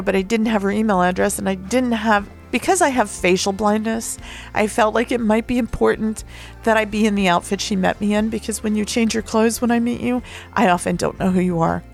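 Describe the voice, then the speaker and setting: Gravelly-voiced woman telling a candid story. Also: mid-range voice. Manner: candid, rambling and openly emotional, with casual swearing. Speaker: podcast host. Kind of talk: personal storytelling monologue.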